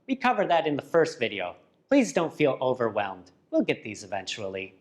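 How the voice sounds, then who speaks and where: Scripted grammar-lesson narrator, English teacher; careful enunciation, animated intonation. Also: mid-range voice. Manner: slow, careful enunciation of drilled word pairs.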